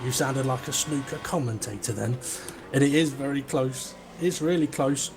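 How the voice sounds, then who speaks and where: A man's voice: medium pitch, normal speed, background noise. A young man co-commentating a sim race, chatty, joking and enthusiastic.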